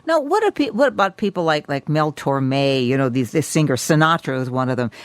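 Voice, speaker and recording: A woman hosting an interview, reacting with lively exclamations and laughter. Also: deep voice, fairly quick, dry recording. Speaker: interview host. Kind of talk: casual interview.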